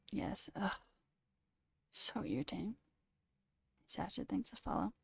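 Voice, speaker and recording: A woman's voice: mid-range voice, unhurried, gravelly, slightly rough, no room sound, in a whisper, clean studio sound, soft background music. Chatty young woman ranting on stream. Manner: chatty, animated rants, says "like" a lot, swears. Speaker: coding livestreamer. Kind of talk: casual chat while reading stream chat.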